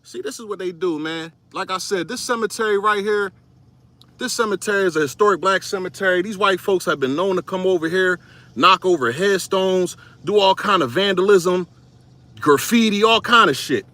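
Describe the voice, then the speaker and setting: A man with a high, pushed, bright voice talks at normal speed in a dry recording. A content creator, he films a casual vlog on a handheld phone while walking through a cemetery, speaking bluntly, swearing plenty, and sounding confrontational.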